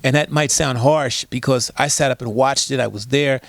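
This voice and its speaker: Gravelly man telling stories emphatically. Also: mid-range voice, steady tone, moderate pace. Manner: emphatic storyteller, rhetorical questions. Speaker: guest, disaster preparedness expert. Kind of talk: conversational interview.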